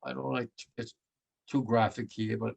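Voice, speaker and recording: Veteran in his nineties, gravelly voice, giving plain, vivid war testimony. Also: little pitch movement, moderate pace. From United States. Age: 90s. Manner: blunt and vivid, voice sinks low and quiet when moved.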